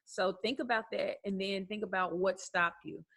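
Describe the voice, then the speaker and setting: A woman's voice: mid-range voice, moderate pace, a bit bright. A woman life coach talking to the camera in a conversational way, asking rhetorical questions and acting out bits of self-talk.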